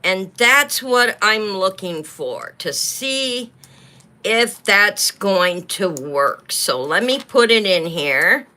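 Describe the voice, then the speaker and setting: A woman hosts a craft livestream with a bright, clear voice, talking slowly as she beads. She speaks chattily to her viewers and has the hiccups. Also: mid-range voice, lively intonation. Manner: chatty, talks to viewers while beading. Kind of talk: casual livestream craft talk.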